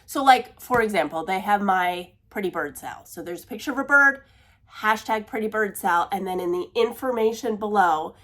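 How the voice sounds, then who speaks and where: A woman's voice: medium pitch, fairly bright tone. A woman chatting casually in a cross-stitch vlog, laughing at herself, apologizing often, and dropping to a near-whisper when she fumbles. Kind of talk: casual chat.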